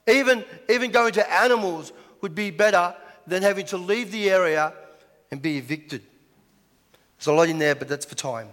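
A man's voice: high-pitched, fairly bright tone. A man preaching a sermon as pastor, chatty, with lots of rhetorical questions. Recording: echoey hall.

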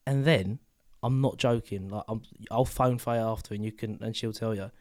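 A man's voice: on the low side, moderate pace, a little mellow. A man, co-hosting a podcast and telling a sweary story in casual chat. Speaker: podcast co-host.

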